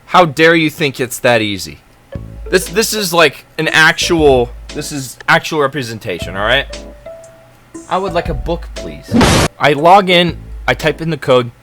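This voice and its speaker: A man's voice: fairly high pitch, lively intonation, moderate pace, music in the background. A young man telling a story in an exasperated, dramatic and sarcastic rant. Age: young adult. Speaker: college student vlogger. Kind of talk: ranting storytelling vlog.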